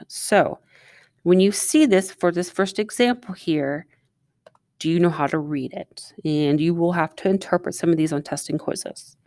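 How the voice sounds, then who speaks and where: In a low, slightly mellow voice, a female teacher chats through a recorded math lesson, asking her students questions while she writes. The recording is dry and studio quality.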